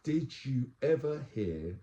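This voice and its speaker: A male podcast host from England, blunt and rapid-fire with his questions in a casual interview. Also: medium pitch, very animated, dark tone, dull audio. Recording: echoey room.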